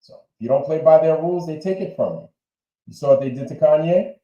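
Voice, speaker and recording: A man's voice: fairly high pitch, fast talker, warm tone, echoey room, lo-fi sound. A man hosting a livestream, chatting casually and repeating himself as he reacts to clips. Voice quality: rambling and repetitive. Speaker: livestream host.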